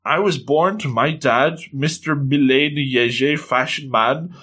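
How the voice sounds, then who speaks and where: A man voicing a stubborn, upbeat young woman model in a comic recap, pitching his voice up a little for her lines. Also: slow, sharp tone, husky, heavily acted. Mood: determined.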